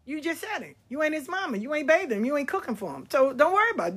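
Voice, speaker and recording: A middle-aged woman telling stories about her life in a casual, blunt and animated way, swearing freely. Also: sits high, rapid-fire. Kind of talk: casual storytelling.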